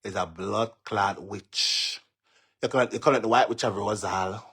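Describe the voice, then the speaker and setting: A man's voice: lowish voice, fairly even intonation, normal speed, fairly bright tone, slightly rough. A man with a Jamaican accent delivers a mocking, cursing online rant, taunting and repeating himself as he goes. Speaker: social media commentator. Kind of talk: ranting live-stream monologue.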